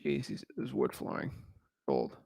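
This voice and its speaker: A man's voice: a little slow, dark tone, no room sound, studio quality. A young man commenting casually on a property listing and cold calling a seller, thinking aloud with fillers. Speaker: real estate wholesaler cold calling.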